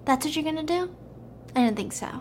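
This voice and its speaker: Lady doing a cool sneering villain widow, calm threats. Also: sits high, fast talker, slight background noise, voice pushed up. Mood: menacing. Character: cold scheming widow.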